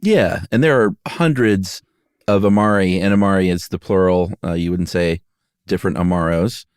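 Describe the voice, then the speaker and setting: A man's voice: low voice, moderate pace, clear, resonant tone, dry recording, studio quality. A man co-hosting a podcast in a laid-back, joking way, chatting casually. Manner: laid-back, jokey, hums little made-up songs. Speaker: podcast co-host. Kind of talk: casual chat.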